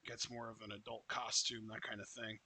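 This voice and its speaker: A man's voice: lowish voice, level tone, fairly quick, pushed and bright, husky, no echo. A man co-hosting a live wrestling reaction, playful and laughing as he calls the action.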